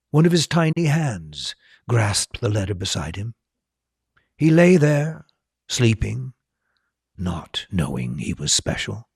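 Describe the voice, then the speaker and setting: A man reading a storybook aloud as host, slow and expressive. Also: on the low side, gravelly, slightly rough, no echo, studio quality.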